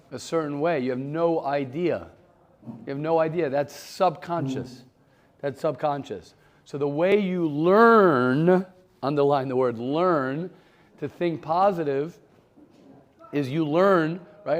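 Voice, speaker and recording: A rabbi teaches a class in a loose, conversational way, saying key phrases two or three times over. His voice sits a little higher than most men's, and he turns now and then to answer a student in the room. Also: darkish tone. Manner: conversational, repeats phrases, takes questions from the room. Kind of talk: informal Torah class.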